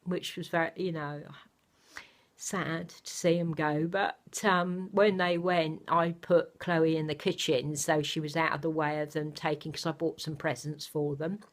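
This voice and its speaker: An older woman chatting casually to her camera at home, rambling gently with many fillers. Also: low voice, little pitch movement, unhurried. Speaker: vlogger. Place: home, indoors.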